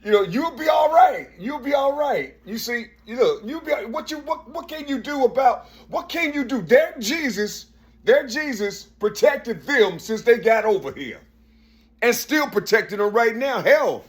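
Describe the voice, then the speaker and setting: A man in a rambling spoken monologue who keeps saying "you see", swears a lot and often raises his voice for emphasis. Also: very high-pitched. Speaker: vlogger.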